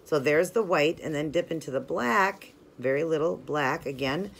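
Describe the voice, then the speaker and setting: A woman's voice: deep voice, moderate pace, vocal fry, slight background noise. A woman hosting a nail art channel, talking casually step by step through her work with lots of "like" and "you know". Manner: chatty and friendly, filler-heavy ("like", "you know"); instructive, talks while working hands-on. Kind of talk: casual step-by-step tutorial narration.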